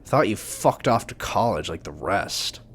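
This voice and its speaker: A man's voice: on the low side, animated, unhurried, slight background noise. A man voicing a cussing young bat guy. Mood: stern. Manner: swearing, stern and defensive. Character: small, jittery young male bat dealer.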